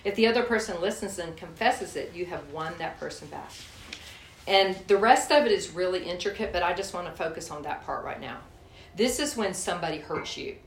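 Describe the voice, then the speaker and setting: A woman's voice: lowish voice, animated, a little fast. A woman giving a candid, folksy sermon with a personal story, speaking to a church group and calling them y'all. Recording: echoey room, faint hiss.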